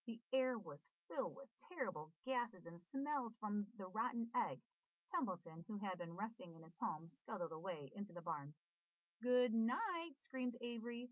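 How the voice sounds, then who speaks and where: A woman reading a children's storybook aloud in an expressive, sing-song way. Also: mid-range voice, moderate pace, no room sound. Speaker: storybook reader. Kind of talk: children's book read-aloud. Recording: dull dry recording.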